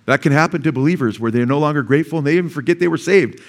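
A male pastor preaching a sermon in a church, telling stories with humor and swinging between loud and soft delivery. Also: a little high, very fast. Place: church sanctuary.

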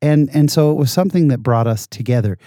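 Mellow-voiced man telling lively anecdotes. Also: fairly high pitch, fast talker, dry recording, clean studio sound. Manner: animated anecdotal storytelling, self-deprecating. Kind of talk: casual conversation.

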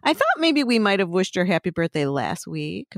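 A woman's voice: fairly low pitch, big pitch swings, moderate pace, creaky, no echo, clean studio sound. A middle-aged woman co-hosting a podcast in casual chat, telling stories with lots of "like" and restarts. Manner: chatty storyteller, frequent "like" and restarts. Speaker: podcast co-host.

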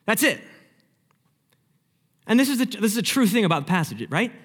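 Animated young male preacher in a reverberant hall. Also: sits high, very fast, breathy edge. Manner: animated storytelling, acting out scenes with big swings from loud to hushed. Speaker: pastor. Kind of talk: sermon.

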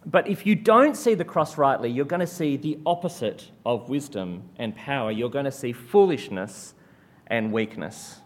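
A man from Australia, a guest preacher giving a sermon in a conversational storytelling way, full of "uh" fillers, after opening with a hushed, slow prayer. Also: mid-range voice, animated.

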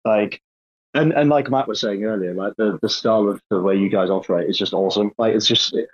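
A man's voice: lowish voice, fairly quick, slightly rough, highs cut off. A man giving friendly praise in a casual online audio chat, often repeating himself.

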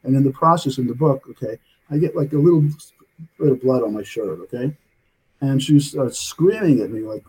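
An older man tells a story in a loose, rambling way and checks in with "okay?" after nearly every point. His voice is husky and mellow. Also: medium pitch, animated, brisk, low-quality recording. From United States. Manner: rambling, tags many sentences with "okay?". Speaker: author, interview guest. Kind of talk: casual storytelling in an interview.

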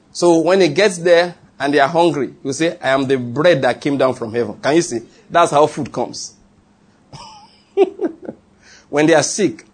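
A man with a Nigerian accent, preaching a sermon and telling stories, animated and laughing, with call-and-response. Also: fairly high pitch, breathy edge. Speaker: pastor. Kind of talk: sermon with storytelling.

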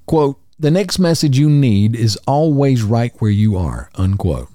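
A man hosting a podcast, calmly reading spiritual quotes and explaining each one. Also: medium pitch, a little slow, dry recording, studio quality. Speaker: podcast host.

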